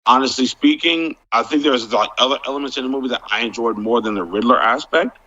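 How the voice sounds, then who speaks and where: A man chatting as a panel guest, halting and restarting, filling his talk with "like". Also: medium pitch, bright, forceful tone. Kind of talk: casual panel chat. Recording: dull, lo-fi sound.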